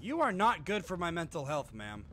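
A man streaming a horror game live, talking to himself and shouting and swearing at the enemies chasing him. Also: a little high, sing-song, normal speed. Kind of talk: live gameplay commentary.

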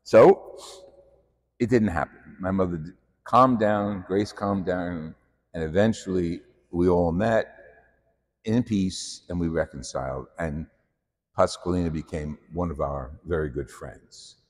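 A man's voice: low-pitched, a little slow, long reverb tail. A male priest preaching a sermon in a church, telling self-deprecating stories. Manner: anecdotal storytelling, self-deprecating.

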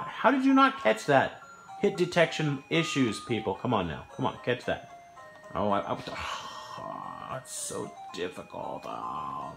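Man, lowish voice, casual gameplay commentary, excitable, thinking aloud, roomy sound. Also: vocal fry. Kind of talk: casual let's-play commentary. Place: home living room, on a sofa. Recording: echoey room with game music behind.

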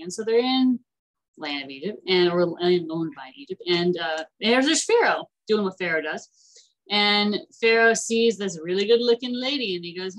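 A woman teaching an online class in a chatty, animated way, acting out the characters as she retells stories. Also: medium pitch, a little fast, poor audio.

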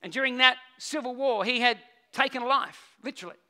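A man preaching a sermon, telling stories, swinging from loud urgent peaks to low quiet stretches. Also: fairly quick. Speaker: pastor.

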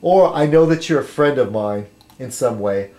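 A man vlogging casually to his subscribers, rambling and halting, with many fillers and restarts as he sips a beer. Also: mid-range voice, expressive, dark tone. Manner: chatty while sipping beer.

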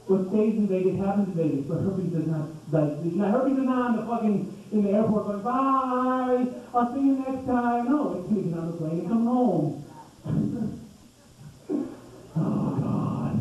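A man doing a stand-up comedy set, ranting loudly and incredulously, swearing freely and bantering with the crowd. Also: high voice. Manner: loud, profane, incredulous rants with audience banter. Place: comedy club stage. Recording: roomy, distant, dull club recording.

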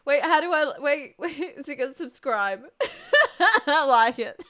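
A woman's voice: high voice, slow, sharp tone. A woman streaming live, reacting while she keeps breaking into helpless laughter, breathless and lightheaded, with a goofy laugh.

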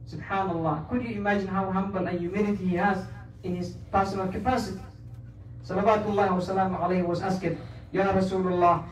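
A man's voice: sits high, little pitch movement, fast talker, roomy sound, distant mic, low-quality recording. A man with a Somali accent preaching a Friday sermon in a mosque, earnestly mixing English with quoted Arabic. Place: mosque prayer hall.

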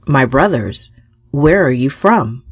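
A woman voicing a polite young man far from home, speaking gently and courteously in a children's storybook. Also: extremely low pitch, lively intonation, takes it slowly, breathy edge, dry recording, studio quality, pitched below the performer's own voice, exaggerated voice.

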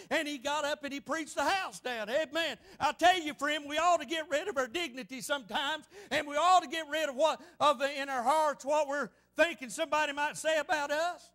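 High-voiced man preaching with fervor. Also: moderate pace, few pauses, pushed and bright. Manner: impassioned preaching with frequent amens. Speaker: pastor. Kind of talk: fervent sermon. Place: church.

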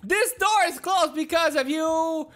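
A woman's voice: very high voice, a little slow, fairly bright tone. A woman voicing a frantic male cartoon hedgehog hero in improvised game role-play, shrieking and exasperated, begging to be left alone. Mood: panicked.

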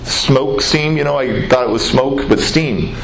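Man, mid-pitched, earnest testimony speech, roomy hall, faint background noise. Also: vocal fry. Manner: earnest storytelling with dramatic pauses and repetition. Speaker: public speaker.

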